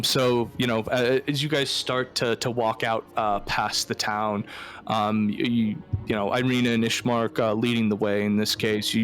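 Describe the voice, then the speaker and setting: A man running a tabletop game as game master, narrating in a casual, halting way with frequent swearing. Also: fairly low pitch.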